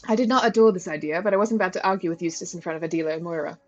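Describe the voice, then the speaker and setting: A woman streamer reading a visual novel's first-person narration aloud at a steady pace, with small stumbles. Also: on the low side, very fast, dull audio.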